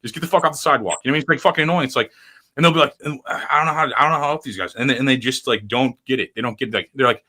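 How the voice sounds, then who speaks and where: A man's voice: mid-range voice, fairly even intonation, rapid-fire, pushed and bright. A man hosting a casual podcast chat, rambling and swearing freely with lots of fillers. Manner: rambling, profane, full of fillers. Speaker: podcast host.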